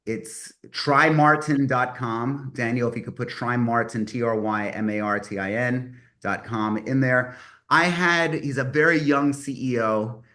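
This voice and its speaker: A man's voice: mid-range voice, measured pace, bright, forceful tone. Man, 50s, mastermind host on a video call; casual, rambly, enthusiastic. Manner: rambling, self-correcting, enthusiastic. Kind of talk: casual online meeting talk.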